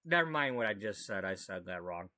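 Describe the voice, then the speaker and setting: A man's voice: fairly low pitch, lively intonation, fairly quick, sharp tone, no echo. A man chatting casually while gaming, rambling, correcting himself and joking as he goes. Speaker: gaming storyteller. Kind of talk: casual gameplay chat.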